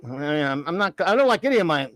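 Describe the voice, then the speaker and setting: A man's voice: fairly high pitch, very animated, fast, fairly bright tone, low-quality recording. A man co-hosting a podcast in casual chat, rambling and joking between impressions. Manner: jokey, rambling, drops into impressions. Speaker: podcast co-host.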